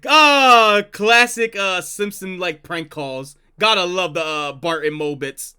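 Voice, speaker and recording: A man's voice: high-pitched, slow pace, pushed and bright, clear, resonant tone. A man streaming, reacting to old prank calls with casual, laid-back commentary and chatty asides.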